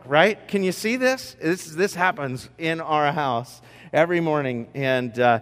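A man's voice: on the high side, animated, a little slow, a bit bright, long reverb tail. A man telling humorous stories to students in a conversational, self-deprecating way, with joking asides. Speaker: speaker addressing students. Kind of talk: humorous storytelling talk.

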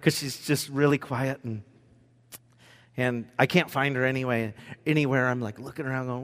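A male pastor delivering a sermon through personal stories, swinging between loud, animated moments and hushed ones. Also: mid-range voice, brisk. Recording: long hall reverb.

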